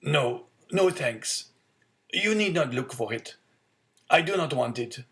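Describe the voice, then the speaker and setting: A man voicing a frail, poor old father who talks weakly and gently in an audiobook story. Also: on the high side, expressive, slow, pitched above the performer's own voice, full character voice. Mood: weary. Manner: weak, self-effacing.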